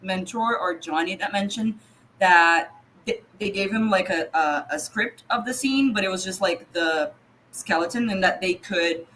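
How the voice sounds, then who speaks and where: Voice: mid-range voice, measured pace, bright, forceful tone, a little hiss or hum, poor audio. A podcast co-host chatting casually about an episode, enthusiastic and full of fillers. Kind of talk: casual recap chat.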